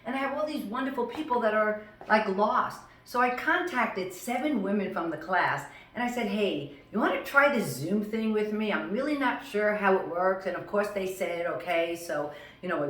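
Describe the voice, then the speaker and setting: A woman's voice: medium pitch, distant mic. Effusive chatty woman over fifty. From United States. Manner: chatty and effusive, animated exclamations. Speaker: fitness instructor. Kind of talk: casual cooking vlog chat. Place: home kitchen. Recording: roomy echo, voice from off-mic in a home kitchen.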